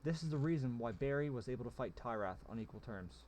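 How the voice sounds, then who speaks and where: A man's voice: mid-range voice, animated, fast, darkish tone, slight background noise, lightly acted. Cool, guarded woman mage, voiced by a man, dry and matter-of-fact, storybook read-aloud.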